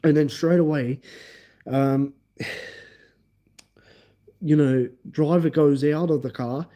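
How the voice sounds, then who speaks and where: A man hosting a livestream, recounting events in a casual, animated way and acting out each scene. His voice sits a touch high but sounds very dark and mellow. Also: slow. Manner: animated, emphatic, acts out scenes. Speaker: livestream host. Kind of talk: casual storytelling.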